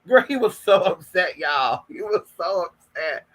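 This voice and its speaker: A man's voice: high-pitched, expressive, measured pace, sharp tone, low-quality recording. A young man from Northern California telling gossipy stories to his viewers in a casual vlog, sassy and profane, calling them girl and y'all. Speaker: vlogger. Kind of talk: casual storytelling monologue.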